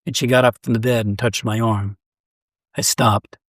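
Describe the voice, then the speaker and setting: A man reading a first-person short story aloud in a measured, even storytelling voice. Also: mid-range voice, dry recording. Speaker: story reader. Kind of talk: scripted narration of a short story.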